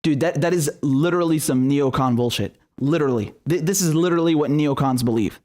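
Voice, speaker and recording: A man's voice: on the high side, fairly quick, darkish tone. Profane, sarcastic man ranting. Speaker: political commentator. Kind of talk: solo commentary rant.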